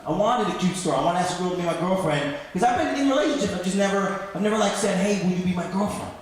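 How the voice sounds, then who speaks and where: A man's voice: sits high, racing, a little hiss or hum. A man in his thirties doing a rambling, self-deprecating stand-up comedy set on a club stage. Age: 30s. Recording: echoey club hall. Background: audience laughter.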